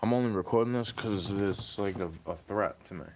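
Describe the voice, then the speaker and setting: A young man rambles through an agitated, profane rant aimed at his stream's chat. His voice sits on the low side, and a faint noise hangs behind the recording. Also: fairly quick, darkish tone. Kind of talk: ranting monologue to a livestream chat.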